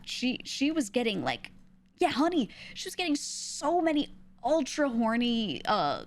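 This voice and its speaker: A young woman from New York, a streamer talking in a casual, rambling way and laughing often. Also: on the high side. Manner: rambling, laughs often, trails off with "I don't know".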